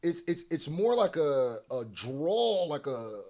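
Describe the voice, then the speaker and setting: A man hosting a reaction video, talking in casual, animated commentary that breaks into loud teasing and laughter. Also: a little high, slow pace.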